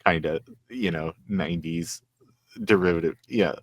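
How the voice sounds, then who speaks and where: A man's voice: sits low, no echo. A man hosting an interview, chatty and joking with his guest. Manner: chatty, joking asides, quick laughs. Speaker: interview host. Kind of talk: casual interview.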